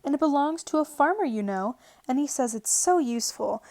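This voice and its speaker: A woman voicing a polite, anxious young girl, lifting her voice higher and louder. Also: brisk, no room sound. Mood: eager pleading. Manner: raised, excited girlish delivery.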